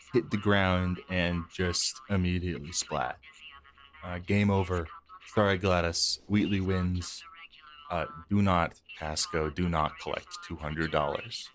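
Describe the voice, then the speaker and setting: A man giving joking, sarcastic commentary over his gameplay. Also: sits low. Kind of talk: let's play commentary.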